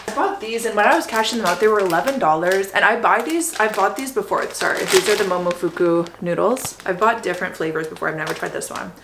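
A young Canadian woman in her twenties, chatting excitedly to her viewers as she shows off her shopping haul. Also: fairly low pitch, background noise. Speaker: vlogger. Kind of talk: casual haul vlog.

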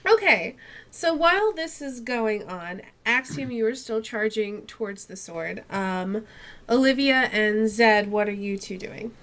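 A woman running a tabletop game as game master, narrating hesitantly with many pauses and ums. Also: a little high, animated, a bit bright.

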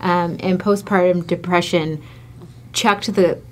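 A woman from Michigan with a lowish voice speaks slowly in a steady tone. Co-hosting a casual chat with her husband, the host, she tells a personal story candidly and from the heart.

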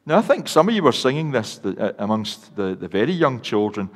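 A man's voice: mid-range voice, big pitch swings, a little fast. An older Scottish man gives a children's talk from the front of a church, his voice rising and falling a lot as he tells stories and asks the children questions. A long reverb from the large church hangs after his words. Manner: warm storytelling to children, asks them questions. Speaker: minister.

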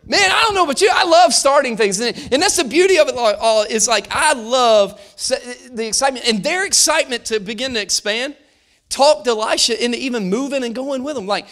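High-pitched, animated male preacher. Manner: animated preaching with shouts and quick drops to a hush; repeats and restarts phrases, acts out voices. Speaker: pastor. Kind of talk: sermon.

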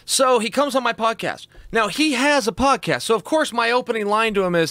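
Man, podcast guest, animated storyteller; high, lively, bright voice. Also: brisk, few pauses, dry recording, studio quality. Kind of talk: casual chat.

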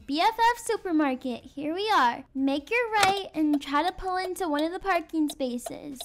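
A woman's voice: very high voice, moderate pace, hardly any pauses, slight background noise. A young woman doing game role-play as a mother, giving bossy, step-by-step instructions. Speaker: roleplay narrator playing a mother.

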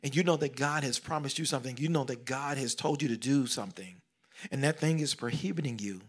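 A middle-aged man preaching a sermon, swinging between loud exclamations and hushed whispers, repeating phrases and calling out questions to the congregation. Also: medium pitch, brisk, breathy edge. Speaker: pastor.

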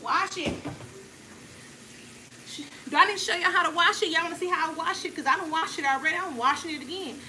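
High-voiced chatty woman cooking at home. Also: a little fast, long pauses, sharp tone. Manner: chatty and playful, talks straight to viewers. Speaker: cooking vlog host. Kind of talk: casual chat while cooking. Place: home kitchen. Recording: noisy home recording.

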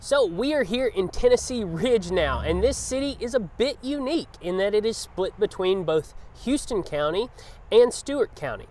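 A man hosting a real estate vlog, narrating a tour of small country towns outdoors in a steady presenter's manner. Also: high voice, normal speed, soft background music.

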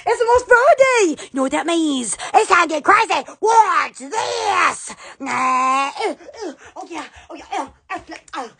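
A woman's voice: high-pitched, expressive, a little slow, hardly any pauses, bright, forceful tone. A woman chatting on a live stream, laughing a lot and crying out "oh, yes" over and over. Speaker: online shop owner on a live stream. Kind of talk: excited casual live stream chat.

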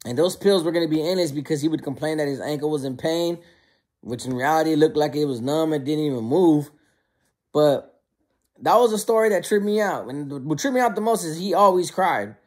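A man who served time, casually telling prison stories in a slangy, animated way. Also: a little high, fairly quick. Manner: slangy and conversational, often calls listeners bro; animated, acts out quoted lines. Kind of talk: casual storytelling to camera.

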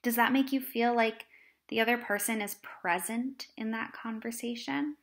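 A woman teacher explaining a lesson to children in a lively, animated way. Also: a little high, normal speed. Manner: animated, acts out examples in different voices.

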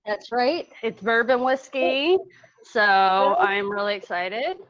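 A woman's voice: fairly high pitch, lively intonation, slow pace, dry recording, lo-fi sound. A woman chatting playfully as a guest on a livestream, laughing often. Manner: giggly, playful. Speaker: regular guest. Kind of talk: casual chat.

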